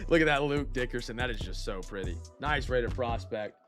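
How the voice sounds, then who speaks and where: A man hosting a live card break, excitable and shouting over big pulls, with a stuffed nose. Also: mid-range voice, normal speed, music in the background.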